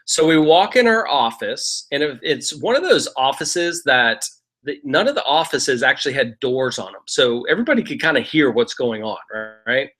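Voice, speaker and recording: A man's voice: medium pitch, animated, moderate pace, fairly bright tone. A middle-aged man telling a real estate investing story as a casual lesson, talking conversationally and often checking in with "right?".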